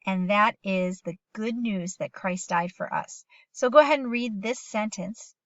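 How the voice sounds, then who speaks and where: A middle-aged woman leads a phonics lesson for young children, patient and encouraging as she sounds out words and reads sentences slowly with them. Her voice sits at an ordinary pitch. The recording is dry and a little dull, made at home. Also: no echo. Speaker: teacher.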